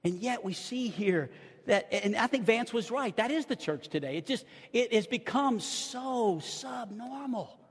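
Middle-aged male pastor, sermon, very high voice, impassioned, loud-to-hushed swings, stammered restarts, long church hall reverb. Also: expressive, a little slow, breathy edge.

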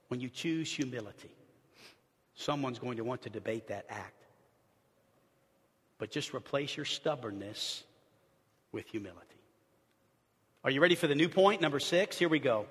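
A man preaching a sermon as pastor, animated, swinging from loud bursts to hushed asides. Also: mid-range voice, breathy edge, long reverb tail.

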